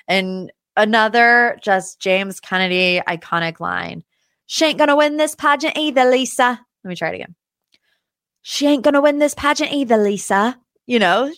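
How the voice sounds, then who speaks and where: A woman's voice: mid-range voice, dry recording, clean studio sound. A woman hosting a podcast and recapping a reality show in a casual, chatty way, with sassy asides. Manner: chatty, animated, with sassy asides and quoted voices. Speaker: podcast host.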